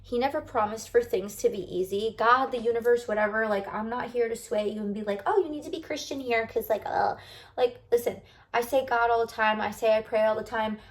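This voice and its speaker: A woman's voice: on the high side, fairly even intonation, a little fast. A young woman from the United States talking to camera in a rambling, confiding way, full of likes and restarts. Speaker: lifestyle vlogger. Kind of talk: casual heartfelt talk to camera.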